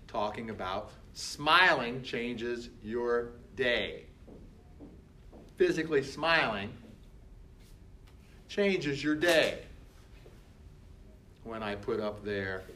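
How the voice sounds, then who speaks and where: Male motivational coach, unhurried and emphatic, repeats his points. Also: mid-range voice, fairly bright tone. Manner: emphatic, repetitive, acts out other people's words. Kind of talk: motivational talk.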